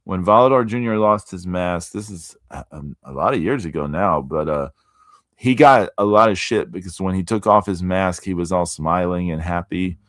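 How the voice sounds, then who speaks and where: A man's voice: low voice, moderate pace, fairly bright tone, no echo, clean studio sound. A man hosting a casual wrestling podcast, easygoing, reading out listener comments. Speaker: podcast host.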